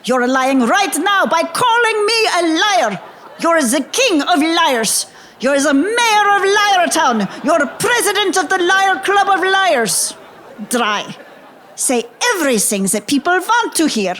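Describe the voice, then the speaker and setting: Casting: a woman doing a boastful German-accented propaganda chief, high, swooping delivery. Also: lively intonation, slow pace, a bit bright, a faint crowd, slight background noise, heavily acted. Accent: put-on German. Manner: boastful, mock-instructive, shifting pitch. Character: male Nazi propaganda minister, smug lecturer. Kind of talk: musical comedy acting.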